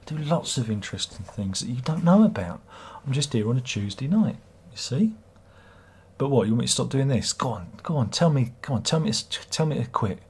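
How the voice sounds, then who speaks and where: A middle-aged livestream host rambles casually and reads out viewer comments, answering them with sarcasm and teasing. His husky, slightly breathy voice sits at an ordinary middle pitch, and he speaks briskly and expressively with a darkish tone.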